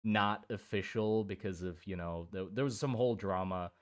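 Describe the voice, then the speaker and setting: A man's voice: on the low side, normal speed. A young man from Germany and Thailand chatting casually on a live stream, rambling with many restarts and casual swearing. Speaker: streamer drawing miniatures.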